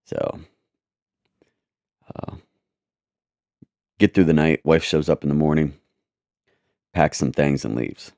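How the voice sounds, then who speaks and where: A man telling a personal testimony in a halting, repetitive, earnest way. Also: rumbling low, creaky, darkish tone, dry recording, clean studio sound.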